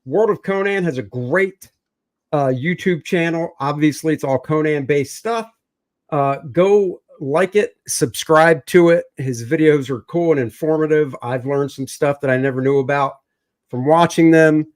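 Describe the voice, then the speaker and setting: A man hosting a casual livestream, joking and pitching his comic bundle in an upbeat way. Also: measured pace. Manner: joking, upbeat, lists items and plugs channels. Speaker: comic artist and show host.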